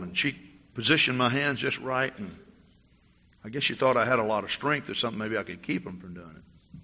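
A male pastor preaching a testimony sermon, telling a story with animated storytelling and acting out the dialogue. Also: medium pitch, moderate pace, long pauses, big-room sound, dull audio.

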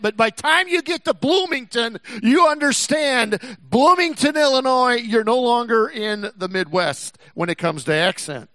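A man's voice: very high voice, bright, forceful tone, no room sound. A man from Texas preaching a sermon in a folksy, rambling way, with frequent restarts and asides. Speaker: pastor.

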